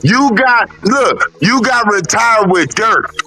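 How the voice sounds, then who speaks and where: A man co-hosting a podcast in casual sports chat, loud and animated, telling stories with shouted impressions and profanity. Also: high voice, takes it slowly, over loud music. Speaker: podcast co-host.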